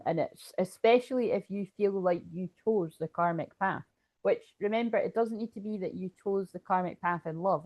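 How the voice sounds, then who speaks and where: Chatty Scottish woman, rambling and low-pitched. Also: dull audio. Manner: rambling, chatty, laughs often. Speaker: tarot reader. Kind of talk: casual livestream chat.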